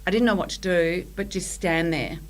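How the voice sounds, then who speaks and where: A middle-aged Australian woman with an Australian accent, guest on a podcast, telling her story in animated casual chat and acting out quotes. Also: fairly low pitch, normal speed, low-quality recording.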